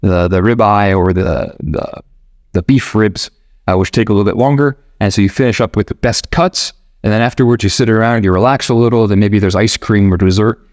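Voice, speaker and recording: A man from the United States hosting a podcast, talking in a relaxed, rambling way with restarts and quoted asides. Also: on the low side, brisk, no room sound, clean studio sound. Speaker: podcast host. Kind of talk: casual explanatory monologue. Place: living abroad in Argentina.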